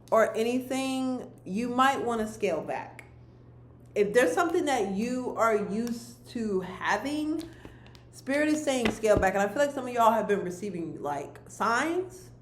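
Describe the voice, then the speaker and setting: A woman's voice: a little high, reverberant, slight background noise. A woman giving a monthly card reading to her viewers, speaking earnestly to them and repeating her key phrases. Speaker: spiritual card reader.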